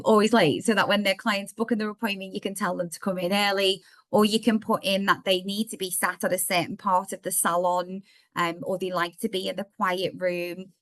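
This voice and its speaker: A woman with a slightly croaky voice, chatting through a software demo step by step in a live online workshop. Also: medium pitch, dry recording. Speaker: software trainer.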